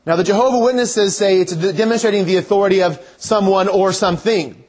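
A man's voice: high-pitched, quick pace, darkish tone, slightly rough. A man preaching a sermon in a conversational way, thinking aloud and restarting his phrases.

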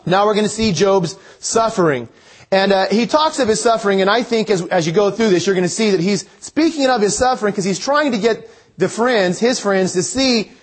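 A man's voice: high voice, brisk. A man preaching a sermon, reading verses aloud and explaining them, earnestly asking his listeners direct questions. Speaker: pastor. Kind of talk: sermon teaching on scripture.

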